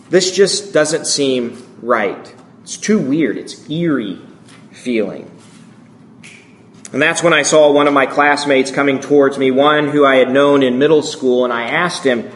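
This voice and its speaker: A man in his thirties telling a story in a sermon, speaking in a slow, measured, hushed way with long pauses. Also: medium pitch, a little hiss or hum. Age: 30s. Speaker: speaker addressing a congregation.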